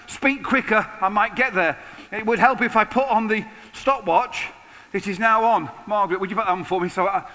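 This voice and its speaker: Bright-voiced man in his sixties preaching. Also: very high-pitched. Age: 60s. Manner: lively, conversational preaching with humor. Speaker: pastor. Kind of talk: sermon. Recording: long hall reverb.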